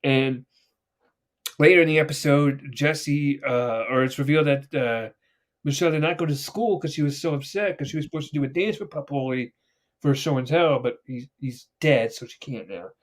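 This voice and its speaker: A man's voice: mid-range voice, normal speed. A man hosting a casual podcast chat, telling stories with lots of swearing and acting out the characters' lines. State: getting choked up. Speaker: podcast host.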